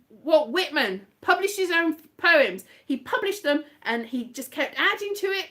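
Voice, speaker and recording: A woman from Southeast Wales with a slightly flattened Welsh accent, chatting casually and rambling on a livestream. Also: high-pitched. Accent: Welsh with flattened vowels, a bit West Country. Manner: chatty and rambling, playful asides. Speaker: livestream host. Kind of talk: casual live chat.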